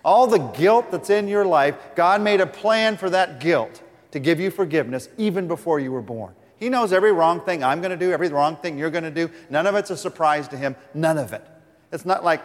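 A pastor preaching a sermon, earnest, reading scripture aloud with the congregation. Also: male voice, a little high, fairly quick. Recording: long reverb of a large hall.

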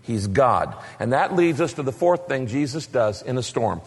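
A man's voice: mid-range voice, big pitch swings, normal speed, husky. Guy preaching a sermon, voice jumps all over, lots of repeated questions, big echoey hall. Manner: emphatic preaching, rhetorical questions and repetition. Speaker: pastor. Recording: long reverb of a large hall.

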